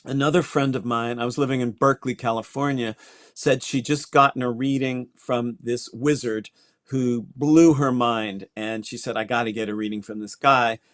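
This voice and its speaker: A man's voice: mid-range voice, steady tone, moderate pace, a bit bright, dry recording, clean studio sound. An older man from Connecticut, a guest astrologer, telling his story in a reflective way with small restarts. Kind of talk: interview conversation.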